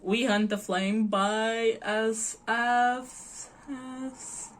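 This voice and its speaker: A woman's voice: on the high side, steady tone, very slow, a little hiss or hum. Young woman from Portugal, bubbly, giggly, gushing book vlogger, casual chat. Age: early 20s.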